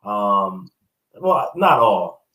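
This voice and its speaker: A man co-hosting a podcast in casual chat, teasing and quick to laugh. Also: fairly low pitch, big pitch swings, a loud crowd. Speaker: podcast co-host. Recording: roomy echoey mic.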